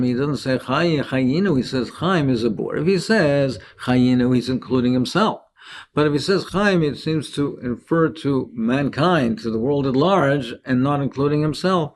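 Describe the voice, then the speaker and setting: A man's voice: medium pitch, darkish tone, slight background noise. Man explaining Talmud line by line. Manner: explanatory, translates Aramaic line by line. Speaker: Talmud teacher. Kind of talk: daily Talmud lesson.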